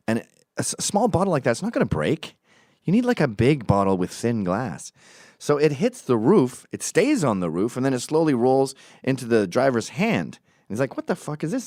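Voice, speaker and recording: Lively low-voiced man telling a story. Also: no echo, clean studio sound. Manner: animated, mocking, profane, acts out quotes. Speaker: podcast host. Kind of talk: casual storytelling monologue.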